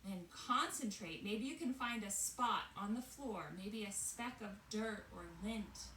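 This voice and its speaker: Slow, gentle woman teaching kids' yoga. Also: medium pitch, animated, echoey room, distant mic, a little hiss or hum. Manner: gentle, encouraging, sing-song teacher's voice. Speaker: children's yoga instructor. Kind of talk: reading a picture book aloud and leading kids' yoga.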